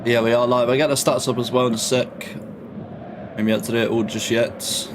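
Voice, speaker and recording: A man's voice: medium pitch, little pitch movement, fairly quick, background noise. A young man chatting casually on a live football watch-along stream, full of slang and reading comments from his chat. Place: home. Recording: faint music behind.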